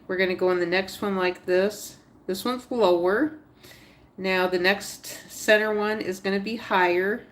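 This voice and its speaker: A woman livestreaming a crochet tutorial, thinking aloud step by step, chatting with viewers and talking to her stitches. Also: fairly low pitch. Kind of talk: casual live tutorial narration.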